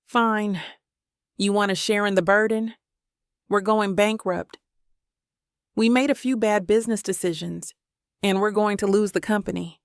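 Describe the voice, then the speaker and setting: A woman's voice: mid-range voice, steady tone, a little slow, pauses often, no echo, clean studio sound, close to an everyday voice. A woman narrator voicing a stern, domineering middle-aged father who speaks curtly and commands. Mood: weary. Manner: curt, commanding.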